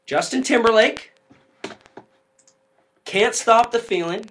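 A man's voice: very high voice, slow, a bit bright, slight background noise, low-quality recording. A man co-hosting a podcast, telling a rambling, joking story in casual chat. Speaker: podcast co-host.

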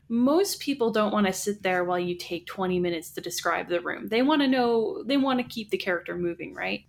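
A woman talking casually on a podcast, explaining ideas in a chatty way with frequent restarts. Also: medium pitch. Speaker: podcast co-host. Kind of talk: casual chat about writing.

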